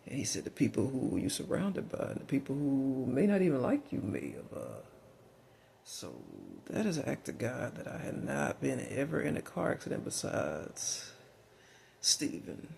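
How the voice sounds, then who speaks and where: Gravelly southern guy in his middle years, rambling and cussing, lots of ums, bouncy up and down delivery. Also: mid-range voice, big pitch swings, moderate pace, darkish tone, a little hiss or hum. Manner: meandering, frank and profane, with many fillers and restarts. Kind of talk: rambling personal monologue.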